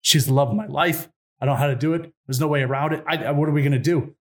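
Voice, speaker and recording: A hapless young hero who keeps grabbing golden things despite warnings, as a man puts him on. He stammers and repeats himself sheepishly. His voice is a touch high. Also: fairly even intonation, racing, close to an everyday voice. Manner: sheepish, dithering. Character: hapless young male hero, greedy for gold.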